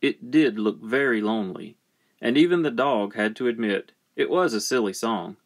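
A man reading a children's storybook aloud with gentle, playful storytelling. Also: medium pitch, animated, normal speed. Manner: gentle, playful storytelling with lots of sound effects. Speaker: narrator.

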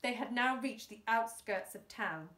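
A woman teacher reading a children's book aloud in an animated way, breaking off for chatty asides. Her voice sits fairly high, and the room is echoey, the mic set a little way off. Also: measured pace. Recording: roomy room, distant mic.

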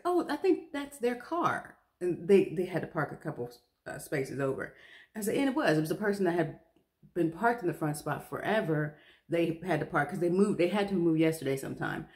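A woman's voice: deep voice, darkish tone. A young woman vlogger chatting casually to the camera, chatty and self-mocking, laughing often.

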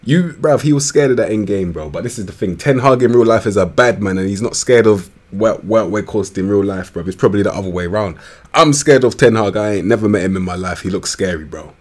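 A young man talks in a lowish voice, full of slang and swearing. He rambles loosely through game commentary and often gets worked up and excitable. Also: a little fast. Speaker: gaming YouTuber. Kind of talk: casual commentary over a football management game.

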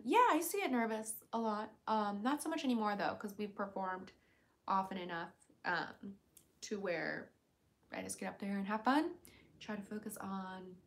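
A woman streamer chatting casually on a livestream, reading viewers' comments aloud and answering them with quick giggles. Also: medium pitch, gravelly, slight background noise. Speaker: streamer and voice actor.

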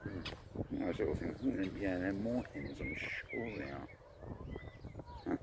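A man chatting to his dog on a park walk, filming on a phone outdoors, talking casually and breaking into excitable bursts. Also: sits low, unhurried. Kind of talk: casual vlog narration. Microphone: phone camera mic. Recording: noisy outdoor phone recording. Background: birds and ducks, outdoor ambience.

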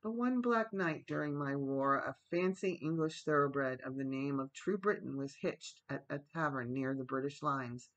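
A man voicing a gruff, white-bearded old war veteran who bellows folksy speech in a storybook. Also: medium pitch, normal speed, few pauses, fairly bright tone, muffled recording, lightly acted.

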